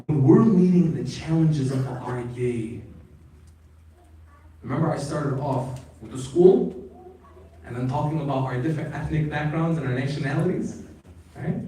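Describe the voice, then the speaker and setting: A man's voice: fairly high pitch, mellow. A man giving an emphatic religious lecture to a live audience, calling out questions to the crowd. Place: large hall at an Islamic center. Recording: echoey hall, voice from far off.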